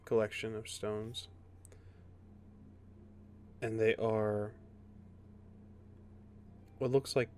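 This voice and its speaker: A man runs a tabletop fantasy game, describing scenes at an unhurried, deliberate pace. His voice sits a little low, and faint ambience hums behind him. He answers players with short, formal replies. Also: a little mellow, a little hiss or hum. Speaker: game master.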